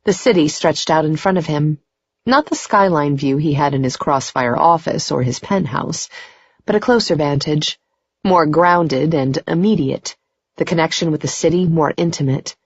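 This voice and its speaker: A woman's voice: low-pitched, moderate pace, husky, no room sound, muffled recording. A woman narrating a first-person romance audiobook in an intimate, emotional way. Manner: intimate, emotional, rising to tearful in dialogue.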